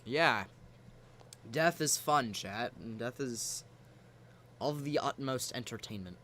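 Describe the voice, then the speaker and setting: A young man co-hosting a weather livestream, joking and bantering with dark humor. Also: mid-range voice, expressive, takes it slowly, a little hiss or hum. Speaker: weather stream co-host. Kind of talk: casual livestream weather talk.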